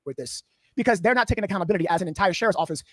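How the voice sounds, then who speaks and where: A man talks quickly and casually as a livestream host, his voice dry and close to the mic. He speaks in a conversational, reassuring way to a caller and his viewers. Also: sits high, animated, fairly bright tone, dry recording.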